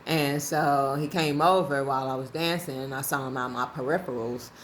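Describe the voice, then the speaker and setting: A woman vlogger telling a casual story in a lively, colloquial way, often breaking into laughter. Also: a bass voice, moderate pace, a little hiss or hum. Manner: animated, laughing, colloquial and conversational.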